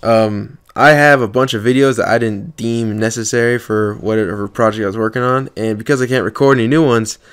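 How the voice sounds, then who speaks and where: A man's voice: lowish voice, fairly quick, hardly any pauses, smooth. A young man telling a story from an online game in a casual, profane vlog. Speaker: gaming video creator.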